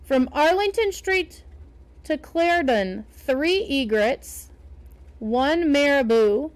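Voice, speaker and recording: A woman's voice: sits high, lively intonation, slow pace. A woman voicing a fiery bird lover. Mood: indignant. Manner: outraged, scolding. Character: indignant bird-loving woman. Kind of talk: storybook read-aloud.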